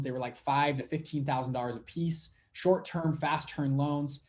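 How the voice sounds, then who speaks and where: A man's voice: fairly high pitch, steady tone, brisk, few pauses. A young man, a fund manager guest, telling a story in a casual interview and acting out the dialogue as he goes.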